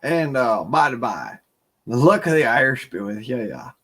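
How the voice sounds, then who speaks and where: A man's voice: medium pitch, very animated, moderate pace, a bit bright, slightly rough. A man with a Southern US accent chatting casually on a livestream, folksy and rambling, laughing often. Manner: folksy drawling storyteller, laughs often, mumbles some words. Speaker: livestream host.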